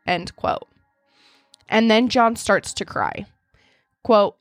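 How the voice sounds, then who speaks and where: A woman hosting a true crime podcast, telling the case in a steady storytelling way and reading out quotes. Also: mid-range voice, takes it slowly, no room sound. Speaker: podcast host.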